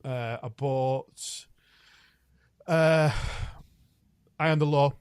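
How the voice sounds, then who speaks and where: A man's voice: mid-range voice, fairly even intonation, extremely slow, a little mellow, smooth, dry recording, studio quality. A man co-hosting a podcast, enthusiastic and blunt, often laughing. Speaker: podcast co-host. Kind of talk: casual chat.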